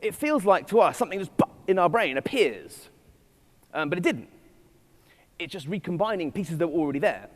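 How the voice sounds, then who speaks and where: This man delivers a keynote at a conference with witty, digressive, self-deprecating humor. His voice is high, swings widely in pitch, and moves a little fast, and the stage sound carries hall reverb.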